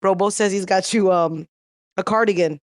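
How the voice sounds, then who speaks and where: A woman with a raspy voice chatting on an online panel, excitable and gossipy. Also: medium pitch, normal speed, dry recording. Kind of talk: casual online panel chat.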